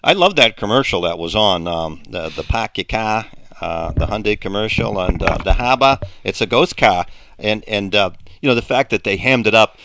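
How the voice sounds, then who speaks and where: A man's voice: on the low side, animated, moderate pace, sharp tone. A man hosting a local radio show, talking casually with many fillers and restarts. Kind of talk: casual radio talk and announcements.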